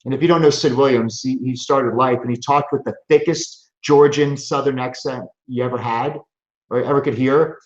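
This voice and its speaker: A man's voice: mid-range voice, fairly even intonation, normal speed, reverberant, lo-fi sound. A man hosting a live chiropractic show, speaking in an earnest, preachy motivational way and often restarting his phrases. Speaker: chiropractor host.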